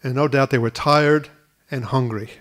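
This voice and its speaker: Male pastor, middle pitch, earnest sermon delivery with frequent restarts. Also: fairly even intonation, moderate pace. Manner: earnest, repeats words at restarts. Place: school hall used for church.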